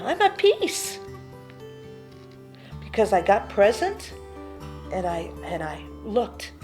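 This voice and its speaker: A woman giving a gentle spiritual teaching talk, unhurried and often sinking to a hushed near-whisper. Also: medium pitch.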